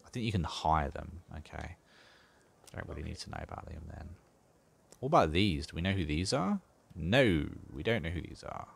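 A man's voice: rumbling low, huge pitch swings, normal speed, creaky, husky. A man casually talking through a strategy game as he plays, thinking aloud with dry sarcasm. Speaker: gaming channel host. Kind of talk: casual gameplay commentary.

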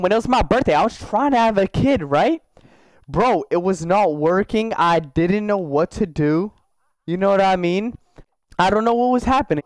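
A man's voice: high-pitched, no room sound, clean studio sound. A young man giving casual, slangy gameplay commentary, joking and talking to the characters in his game. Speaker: gaming YouTuber.

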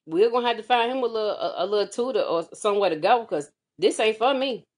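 A woman vlogging as a mother, telling a comedic, exasperated story with sassy, animated delivery and big swings in pitch. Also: quick pace. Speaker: mother of a kindergartner. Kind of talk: comedic storytelling vlog rant. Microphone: phone or webcam vlog.

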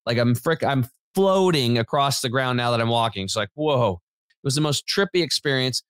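A man who founded a health company appears as a podcast guest, telling a story in casual conversation. He rambles in an animated way at normal speed, with many fillers, restarts, and plenty of "like" and "dude," in a smooth, middle-pitched voice. The recording is dry, with no room echo.

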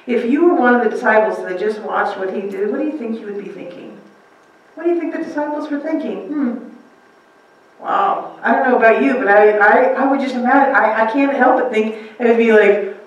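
A woman's voice: fairly high pitch, lively intonation, moderate pace. Woman pastor, sermon, chatty rhetorical questions, very echoey church, distant mic. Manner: conversational, rhetorical questions, acts out quotes. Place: church sanctuary.

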